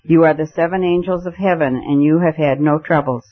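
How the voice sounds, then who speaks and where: Man doing a raging male anarchist, accusing, fairly high voice, muffled recording. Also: fairly quick, lightly acted. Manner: fierce accusing declamation.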